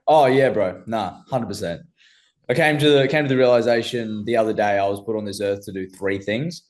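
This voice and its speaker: A young Australian man, an amateur MMA fighter, chats casually as an interview guest. His voice sits fairly low and moves along fairly quickly. He's laid-back and slangy, calling people bro.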